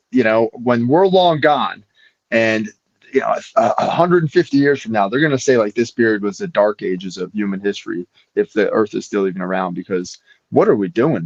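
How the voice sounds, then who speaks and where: A man's voice: mid-range voice, darkish tone, no echo, highs cut off. Laid-back man saying bro and dude. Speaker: guest. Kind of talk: casual live show chat.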